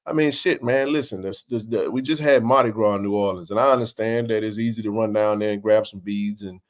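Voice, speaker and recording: Male host of a live sports chat, from the American South; emphatic, slangy, animated delivery. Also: on the low side, a little fast. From Mississippi. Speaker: show host.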